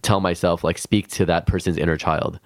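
Man, very low voice, chatty and earnest, from los angeles, podcast guest, dry studio sound. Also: steady tone, brisk, no room sound. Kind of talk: casual podcast conversation.

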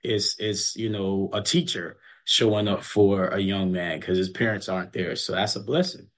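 A man's voice: low voice, fairly even intonation, moderate pace, a bit bright. A middle-aged man, a college basketball coach, telling stories emphatically in a casual interview and repeating words as he builds a point.

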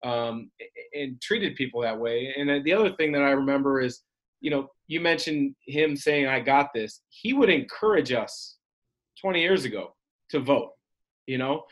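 A man hosting a podcast, a former player, speaking in a measured, reflective way with some fillers. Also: medium pitch, lively intonation, fairly bright tone. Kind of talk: casual interview chat.

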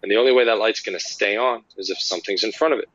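Low-voiced man telling rambling ghost stories. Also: racing, dry recording, highs cut off. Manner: lively, rambling anecdotes with many fillers. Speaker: paranormal investigator guest. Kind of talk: casual interview storytelling.

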